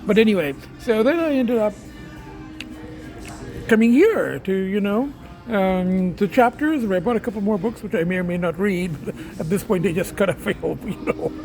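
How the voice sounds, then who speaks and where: A man's voice: high-pitched, vocal fry. A middle-aged man from Canada vlogging casually to a phone camera, rambling with many hesitations and restarts, blunt and swearing when annoyed. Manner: rambling, hesitant, full of you-knows and restarts. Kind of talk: casual vlog talk to camera. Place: car, restaurants and shops.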